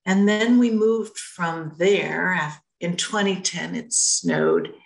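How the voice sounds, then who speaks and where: A woman's voice: fairly low pitch, sing-song, slow pace, vocal fry, roomy sound, low-quality recording. A retired woman rabbi in her seventies chatting on a video call, telling her story in a rambling, self-correcting way. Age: 70s. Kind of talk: casual group conversation.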